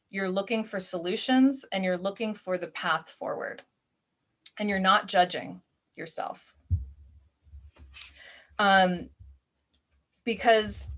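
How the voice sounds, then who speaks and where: Chatty woman coaching a class. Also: mid-range voice. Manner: casual, chatty, with fillers and acted self-talk. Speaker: self-awareness coach. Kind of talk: live online class.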